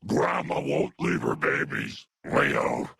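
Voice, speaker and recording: A man voicing a kindly, muddled old grandmother super mutant in a game dub, raspy and doting, who calls everyone dearie. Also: a bass voice, expressive, slow pace, bright, forceful tone, no echo, studio quality, heavily acted. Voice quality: gravelly, raspy.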